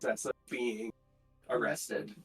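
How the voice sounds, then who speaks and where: A man runs a tabletop game as its game master, his voice at a middling pitch. He narrates in a halting way, full of fillers and restarts. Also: level tone, faint music behind, poor audio.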